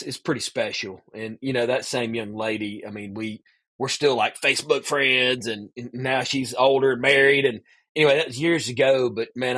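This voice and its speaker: Man, podcast guest, animated storyteller, mid-range voice, loose and chatty. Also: mid-range voice. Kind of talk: casual storytelling interview.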